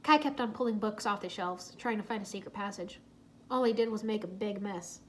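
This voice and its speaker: A woman narrating a children's storybook aloud in a soft, steady way. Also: mid-range voice, a little fast, a little hiss or hum.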